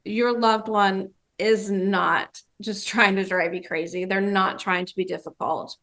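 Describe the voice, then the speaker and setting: A woman's voice: medium pitch, steady tone, measured pace, fairly bright tone. A woman dementia trainer giving a webinar presentation, telling a story and acting out the quoted voices.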